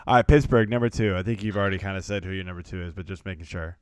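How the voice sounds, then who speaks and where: A man co-hosting a podcast, steering a casual chat with quick questions. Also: deep voice, a little mellow, clean tone, no room sound, studio quality. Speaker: podcast co-host. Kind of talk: casual fantasy football chat.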